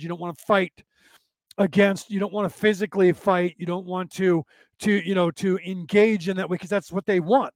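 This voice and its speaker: Brief: high-pitched male podcast host, rambling and preachy, dry close recording. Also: darkish tone, no room sound. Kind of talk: casual spiritual talk.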